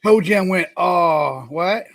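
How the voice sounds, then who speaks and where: A man with a gravelly, crackly voice pitched a little high cracks jokes in a stammering, easygoing way. He sounds close and dry. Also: expressive, takes it slowly, fairly bright tone, dry recording. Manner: joking, stammering.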